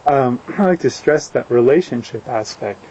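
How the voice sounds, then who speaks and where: A man interviewing an herbalist, giving soft backchannels and thoughtful remarks. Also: mid-range voice, animated, moderate pace. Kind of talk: interview questions. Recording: dull lo-fi video sound, faint hiss.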